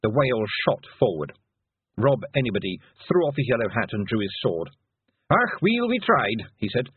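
A man narrating an audiobook with expressive, dramatic storytelling, on a thin phone-like recording. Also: fairly low pitch, a little fast, slightly rough, no echo. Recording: phone-like thin band, dry.

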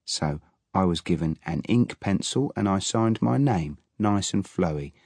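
A man's voice: sits low, animated, a little slow, darkish tone, slightly rough, dry recording, clean studio sound. A man narrating an audiobook in a wry storytelling manner. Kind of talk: audiobook reading.

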